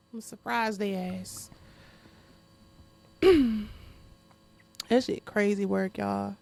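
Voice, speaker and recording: A woman's voice: mid-range voice, takes it slowly, gravelly, long pauses, a little mellow. A woman hosting her podcast in a casual monologue. She talks bluntly with lots of profanity, speaks straight to her listeners and often laughs while venting. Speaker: podcast host.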